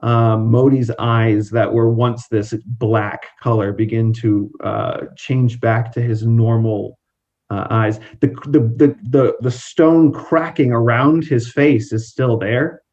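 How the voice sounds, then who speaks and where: A man narrating and playing a tabletop role-playing game in casual, halting speech full of restarts. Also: medium pitch, steady tone, a little mellow, muffled recording. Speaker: game master and player.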